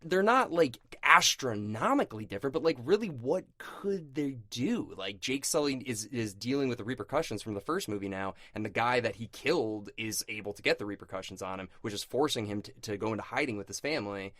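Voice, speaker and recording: A man co-hosting a podcast, talking casually about a film, animated and argumentative, teasing his co-host. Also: mid-range voice, brisk, hardly any pauses, no room sound, studio quality. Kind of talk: casual movie review chat.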